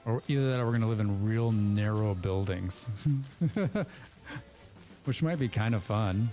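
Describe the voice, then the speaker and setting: A man's voice: on the low side, measured pace, warm tone, soft background music. Rambling man playing a game. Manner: rambling, repeats words, playful. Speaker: let's play host. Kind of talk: casual gameplay commentary with friends.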